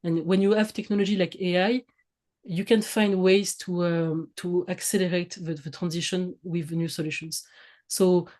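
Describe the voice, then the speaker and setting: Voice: medium pitch, flat delivery, moderate pace, darkish tone. A guest with a French accent giving advice over a video call, hesitant, with many fillers and restarts. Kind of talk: casual advice in a video interview.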